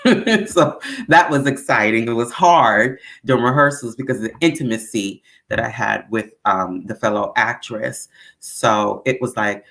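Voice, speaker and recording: A woman with a Brooklyn accent telling stories as a guest, animated and full of acted-out quotes. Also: moderate pace. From Brooklyn, New York. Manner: animated storyteller, acts out quotes with big pitch swings. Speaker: guest actor. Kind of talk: casual storytelling interview.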